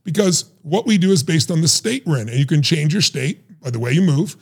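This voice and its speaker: A middle-aged man telling stories in an animated, emphatic way and acting out the voices he quotes. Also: fairly high pitch, a little fast, breathy edge. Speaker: guest, life strategist. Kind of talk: animated storytelling.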